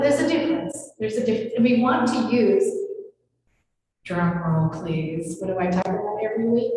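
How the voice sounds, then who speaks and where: A woman's voice: on the high side, darkish tone, a little hiss or hum. A woman minister giving a conversational sermon, chatty and playful, often laughing and speaking straight to her congregation. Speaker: senior minister. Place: large hall of a spiritual center. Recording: echoey hall with long reverb.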